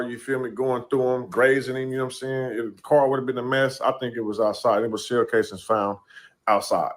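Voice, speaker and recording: Laid-back man talking casually. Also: medium pitch. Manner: laid-back, conversational, says "you know what I'm saying". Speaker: podcast commentator. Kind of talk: casual podcast commentary.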